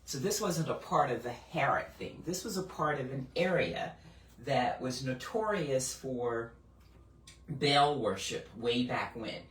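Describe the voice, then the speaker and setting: A woman's voice: very deep voice, measured pace. Lady doing a chatty bible talk, lots of restarts, sounds kinda far off the mic in an echoey room. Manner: animated, acts out quoted voices, frequent restarts. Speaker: Bible teacher. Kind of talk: conversational Bible teaching. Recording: roomy, mic at a distance.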